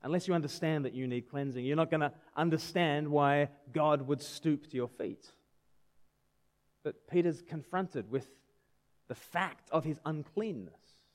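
Guy in his 30s preaching, chatty, keeps asking the crowd stuff, kinda high voice. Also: a little slow. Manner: conversational, asks the audience questions. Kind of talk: sermon.

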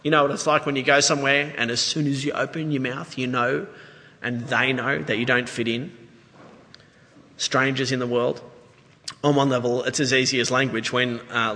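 A man with an Australian accent preaching a sermon, chatty and lively, with asides to the congregation. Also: mid-range voice. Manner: conversational, animated preaching with asides. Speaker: pastor. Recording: reverberant church hall.

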